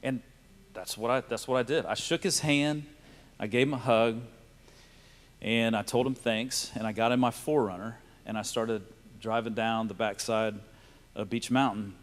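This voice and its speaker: A man's voice: medium pitch, fairly even intonation, normal speed. A man, telling a personal faith story to a live audience in a storytelling way. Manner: storytelling, laughing and tearful in places. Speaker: speaker sharing a testimony. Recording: reverberant hall.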